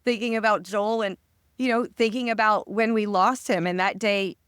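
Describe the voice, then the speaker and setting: Woman interview host, reflective, personal tone, mid pitch, dry close sound. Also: fairly even intonation, moderate pace, fairly bright tone, smooth, no room sound. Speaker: interview host, sports reporter. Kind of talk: conversational interview.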